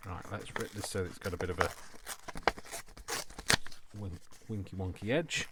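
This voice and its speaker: A man's voice: low-pitched, normal speed, very noisy. A middle-aged man from Coventry, chatting playfully to himself while crafting. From England (Coventry). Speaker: craft vlogger. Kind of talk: casual chat while crafting.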